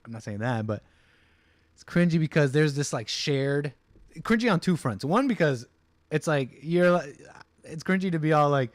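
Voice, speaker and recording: A man's voice: a little high, expressive, moderate pace, no echo. A man hosting a casual livestream, rambling with many fillers and restarts and mocking voices for the people he quotes. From United States. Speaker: livestream host.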